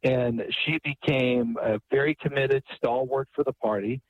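Husky man telling a story on radio. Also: medium pitch, a little slow, no echo, phone-quality sound. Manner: animated, repeats words often. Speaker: author and guest.

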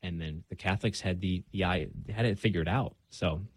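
A man's voice: sits low, normal speed, no echo. A young man speaking as a guest in a casual conversation, earnest and reflective, with frequent fillers.

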